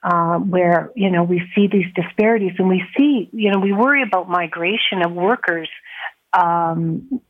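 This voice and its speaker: A woman talks earnestly on a radio call-in, her voice a little low. She corrects herself often and laughs softly. The line is tinny and thin, like a telephone. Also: normal speed. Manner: earnest, with restarts and soft laughs. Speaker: nurses' union president. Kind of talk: radio interview over the phone.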